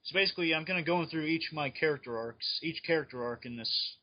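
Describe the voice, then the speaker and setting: A man in casual chat on a fan podcast, excitedly rambling through his speculation. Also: fairly high pitch, fast. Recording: dull lo-fi recording.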